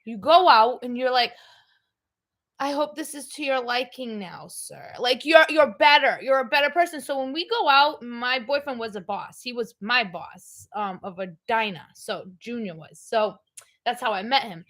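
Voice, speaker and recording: A woman's voice: a little high, normal speed, fairly bright tone. A middle-aged woman hosting a livestream, chatting casually in a blunt, rambling way. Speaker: livestream host. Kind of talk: casual chat.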